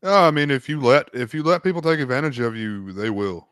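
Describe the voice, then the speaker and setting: A man's voice: mid-range voice, lively intonation, brisk, a bit bright, smooth, dry recording, clean studio sound. A man co-hosting a podcast, making blunt, cynical remarks in a casual film discussion. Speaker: podcast co-host.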